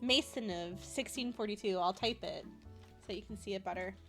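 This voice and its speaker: A woman's voice: mid-range voice, a little fast, faint music behind. A woman streamer chatting casually, breaking into frequent giggles as she talks. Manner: giggly, laughs often, chatty. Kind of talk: casual chat.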